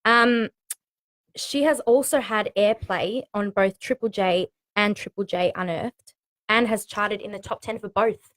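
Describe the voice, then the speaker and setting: A woman's voice: mid-range voice, measured pace. A woman from Australia co-hosting a radio chat, teasing her co-host and introducing songs. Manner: chatty, teasing interjections. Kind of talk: casual chat.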